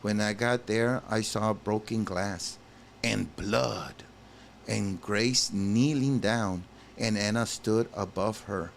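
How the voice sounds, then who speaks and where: A gaming channel host records let's play commentary, reading a story game's text aloud and interrupting himself with exclaimed reactions, calling his viewers "guys." His voice sits on the low side, slow and with vocal fry. A little background noise can be heard.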